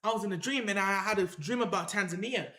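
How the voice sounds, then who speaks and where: A man's voice: sits high, fast talker, reverberant, noisy background. A man telling a rambling story on a livestream, repeating himself and calling out to his chat. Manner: animated, repetitive, addresses the chat directly.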